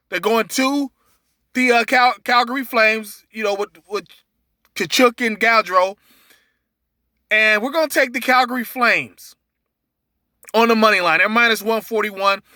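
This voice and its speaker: A man's voice: sits high, bright, forceful tone, dry recording, studio quality. A man hosting a sports betting podcast, talking through his picks in a loose, rambling way with lots of fillers and restarts. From Cincinnati area. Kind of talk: casual betting picks monologue.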